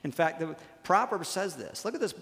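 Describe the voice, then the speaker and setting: A man preaching a sermon as a pastor in a church, talking conversationally and checking in with "okay?" and slowing down to hammer key lines. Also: high voice, lively intonation, a bit bright. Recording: long reverb of a church hall.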